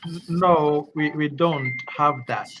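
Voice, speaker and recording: A man's voice: a little high, takes it slowly, noisy background. A man answering exam questions in a webinar, hesitant and full of fillers, chuckling at times.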